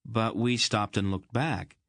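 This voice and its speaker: An earnest teenage boy, voiced by a man reading an audiobook, speaks with eager urgency. His voice sits a little higher than the narration and blurts things out. The read is dry and close. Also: takes it slowly, fairly bright tone, no echo.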